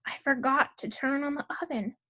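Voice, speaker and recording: A woman's voice: sits high, steady tone, normal speed, bright, forceful tone. A woman doing a flustered fretting mother. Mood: fretful. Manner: anxious and pleading. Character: flustered harried young mother.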